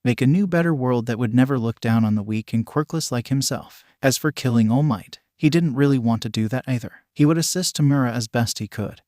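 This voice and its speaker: A man narrating a fan fiction story in an even, steady reading voice. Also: medium pitch, brisk, few pauses, no echo, clean studio sound.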